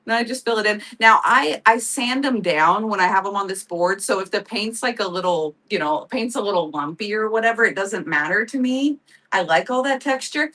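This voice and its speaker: A woman's voice: mid-range voice, expressive, moderate pace, pushed and bright, distant mic, rough recording. A woman hosting a live craft sale, chatting casually, laughing often and thanking viewers by name. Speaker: live-selling crafts host. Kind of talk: casual livestream chat.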